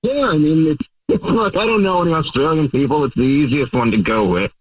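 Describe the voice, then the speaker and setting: A man's voice: fairly high pitch, animated, a little fast, breathy edge. A man on the phone with a radio show, sounding sheepish and joking. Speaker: caller. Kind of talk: casual phone chat. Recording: distant tinny phone line.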